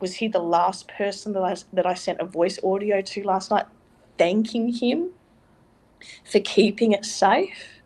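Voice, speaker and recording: A woman's voice: mid-range voice, a little slow, darkish tone. A woman guest in a casual spiritual chat, talking earnestly and rambling with restarts.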